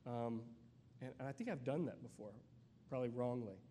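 A man giving a sermon as a guest preacher, conversational and searching, with many fillers and restarts, and reading scripture slowly. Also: mid-range voice, dark tone, slight background noise.

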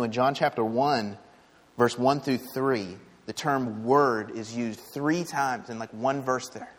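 A man's voice: medium pitch, husky, big-room sound. A man preaching a sermon in a church, with a conversational, emphatic delivery and frequent rhetorical questions to the congregation. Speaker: pastor. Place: church sanctuary.

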